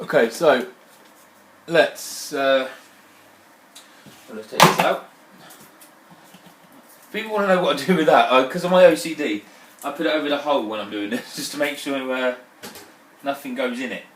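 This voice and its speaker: A man's voice: medium pitch, normal speed, pauses often, a bit bright. Man, casual brew-vlog host, exclamatory and sweary; roomy room sound, faint background hiss. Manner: chatty, sweary, prone to exclamations. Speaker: home brewer. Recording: roomy, distant mic, faint background noise.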